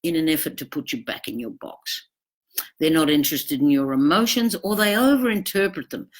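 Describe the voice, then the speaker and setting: A woman, giving an informal talk about relationships. She speaks bluntly and casually, and acts out the lines people say with sudden animated bursts. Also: low voice, gravelly. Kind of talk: informal spoken talk on narcissism.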